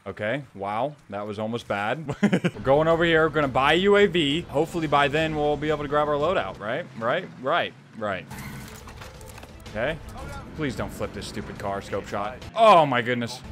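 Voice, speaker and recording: A young man giving casual, profane commentary over his own gameplay, swinging from muttering to yelling. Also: medium pitch, normal speed, slight background noise. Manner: profane, excitable, frequent yelling. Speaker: gaming YouTuber.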